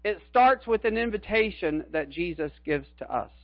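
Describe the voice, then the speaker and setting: A man's voice: sits high, animated, normal speed, dry recording, highs cut off. A middle-aged man preaching a sermon as a pastor, earnest and emphatic, repeating his key phrases.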